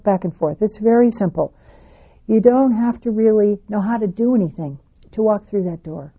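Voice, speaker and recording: A woman telling a spiritual personal story in an animated, expressive way, with sweeping phrases. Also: medium pitch, slightly rough, highs cut off.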